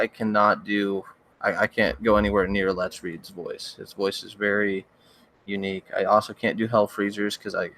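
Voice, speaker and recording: Young man, low voice, monotone delivery, halting rambling livestream talk, voice that cracks. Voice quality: voice cracks and needs frequent throat-clearing. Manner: rambling, hesitant, with many restarts and fillers. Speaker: horror story narrator and channel host. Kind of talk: casual livestream chat.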